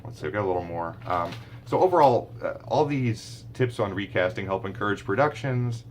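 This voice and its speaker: A very low-pitched man talks parents through speech therapy tips in a loose, conversational way. He hesitates often with ums and restarts his sentences. A faint hum sits under the recording. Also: animated, brisk. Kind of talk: informal teaching talk to parents.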